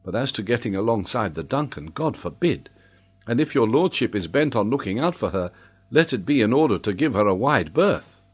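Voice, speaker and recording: A man's voice: lowish voice, very animated, moderate pace, husky. A loyal young captain, earnest and steadying, who speaks plainly to his lord, as a male narrator puts him on in a storybook reading. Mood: reassuring.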